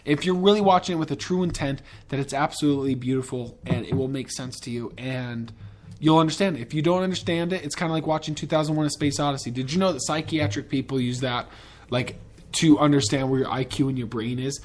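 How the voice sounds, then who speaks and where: A man's voice: medium pitch, fast, a little hiss or hum. A man hosting a podcast in a casual, rambling and profane way, with enthusiastic tangents. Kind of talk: casual chat.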